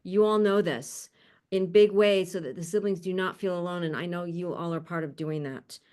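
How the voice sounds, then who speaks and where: Over a video call, a conference host with a warm, fairly low voice introduces the speakers on an online panel at a moderate pace. Her casual introductions are upbeat and chatty, with frequent laughter.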